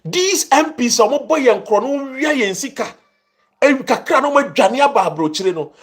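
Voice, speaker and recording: A man's voice: very high-pitched, animated, moderate pace. A man with a Ghanaian accent giving impassioned political commentary, indignant and fiery, mixing Twi and English.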